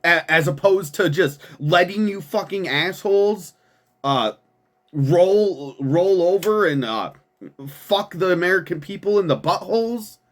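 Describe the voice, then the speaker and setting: A man hosting a political commentary show, ranting angrily and profanely, often repeating words and laughing with scorn. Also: sits high. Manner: reads quoted statements in a quick flat voice. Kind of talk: angry political commentary, reading and reacting to statements.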